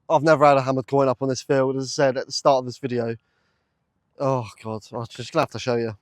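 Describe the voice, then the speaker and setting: Excitable man, dry outdoor mic. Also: mid-range voice, moderate pace, long pauses, dry recording. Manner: chatty, excitable, lots of fillers. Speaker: metal detecting vlogger. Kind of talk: casual commentary to camera. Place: open field outdoors.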